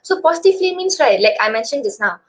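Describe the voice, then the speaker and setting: A woman's voice: on the high side, very animated, quick pace. A young woman from Malaysia with a Malaysian accent gives a casual student webinar presentation, full of fillers. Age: young adult. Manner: chatty, filler-heavy, casual. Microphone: video call. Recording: dull lo-fi call audio.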